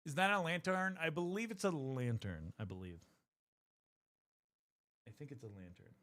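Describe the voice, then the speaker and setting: A man's voice: fairly high pitch, moderate pace, fairly bright tone. A man streaming while painting miniatures, chatting casually with his viewers, rambling and swearing often. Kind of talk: casual live-stream chat.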